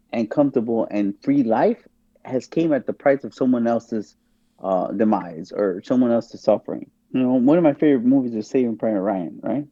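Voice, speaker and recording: Speaking as a guest on a podcast, a man with a dark, mid-range voice makes his case in casual, opinionated, emphatic talk. Rhetorical questions come up again and again, especially "guess what." The sound is dry and lo-fi.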